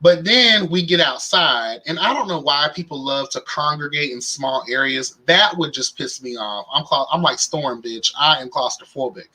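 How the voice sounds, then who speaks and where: A man's voice: fairly high pitch, normal speed, few pauses, low-quality recording. A young man hosting a live reality show recap in casual, campy commentary, with sass, slang. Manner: sassy, campy, animated with slang and exclamations.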